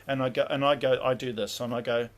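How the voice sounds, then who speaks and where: A man's voice: mid-range voice, steady tone, quick pace. A man teaching spiritual practice in a casual livestream, rambling with many fillers and acting out inner dialogues.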